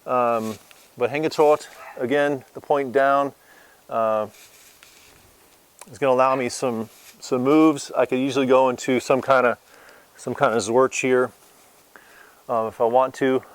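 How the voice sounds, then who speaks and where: A man casually explaining sword guards as an instructor, relaxed and hesitant with many fillers. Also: medium pitch, unhurried, long pauses, clear, resonant tone. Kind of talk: casual demonstration lesson.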